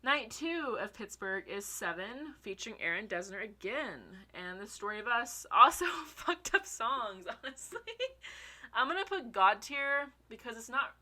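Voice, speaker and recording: A young woman in casual vlog commentary, excitable and gushing, swearing casually and a little out of breath. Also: medium pitch, normal speed. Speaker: fan ranking songs.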